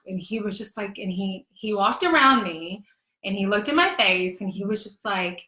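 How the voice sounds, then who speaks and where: A woman in her thirties, a guest telling a personal story in an earnest, emotional, animated way. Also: mid-range voice, normal speed, roomy sound, rough recording. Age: 30s. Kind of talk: candid personal testimony in conversation.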